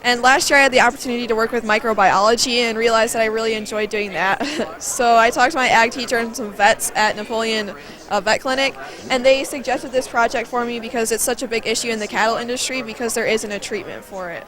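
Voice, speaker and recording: A woman's voice: a little high, fast, fairly bright tone. Teenage girl explaining her project plainly. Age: teens. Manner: plain, matter-of-fact answers. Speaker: high school science fair student. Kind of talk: casual interview.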